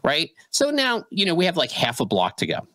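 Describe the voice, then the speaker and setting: A middle-aged man co-hosting a podcast, telling a personal story in animated, filler-heavy casual conversation. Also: fairly high pitch, brisk, no room sound, low-quality recording. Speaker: podcast co-host.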